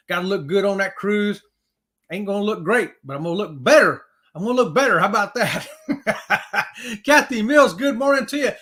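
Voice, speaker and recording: A middle-aged man, hosting a casual livestream and cheerfully greeting viewers by name with loud whoops. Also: sits high. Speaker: livestream host.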